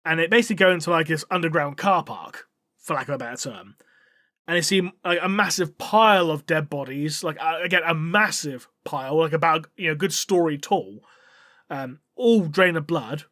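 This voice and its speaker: Male podcast co-host, high voice, rambling recap, dry close sound. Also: normal speed, bright, forceful tone, dry recording. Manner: rambling, swears, acts out characters' lines. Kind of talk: casual story recap.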